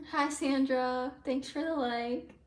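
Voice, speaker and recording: A woman with a high voice chats casually on her livestream, rambling along as she answers viewer comments aloud. She sits back from the microphone, so her voice sounds distant in a room with a noticeable echo. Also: steady tone, slow pace. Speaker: live streamer. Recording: roomy sound from away from the mic.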